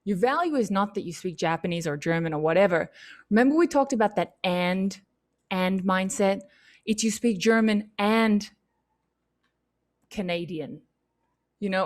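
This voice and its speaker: A woman speaking at a youth leadership session, answering questions in an animated, chatty and encouraging way. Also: medium pitch, normal speed. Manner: animated, chatty, lots of "like" and "you know"; encouraging and upbeat.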